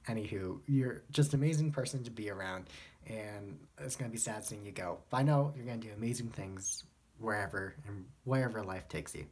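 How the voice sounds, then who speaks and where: A man's voice: fairly low pitch, a little fast, a little mellow, breathy edge. A teenage young man giving a casual recorded farewell message in an upbeat, easygoing way, with filler words. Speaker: student theater member closing the video.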